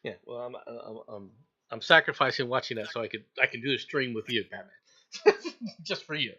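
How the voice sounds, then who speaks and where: An American man co-hosting a casual news stream, opinionated and quick to laugh. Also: mid-range voice, muffled recording. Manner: animated, opinionated, laughs often. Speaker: co-host reading news stories.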